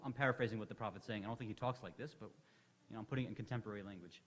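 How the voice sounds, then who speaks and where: A man's voice: lowish voice, very fast. A man giving a religious lecture in a conversational storytelling way, acting out the lines of the people in his stories. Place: hall of an Islamic center. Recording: long reverb of a hall.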